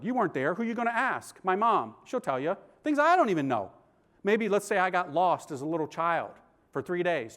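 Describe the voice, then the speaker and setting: A priest telling his conversion story to an audience in an animated, slangy, comic way. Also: high voice. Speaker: priest and speaker.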